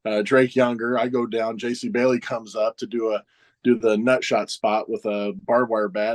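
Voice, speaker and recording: Chuckling wrestler spinning backstage stories. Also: male voice, medium pitch, normal speed. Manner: animated anecdotes, chuckling often, acts out others' lines. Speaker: professional wrestler guest. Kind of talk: casual storytelling interview.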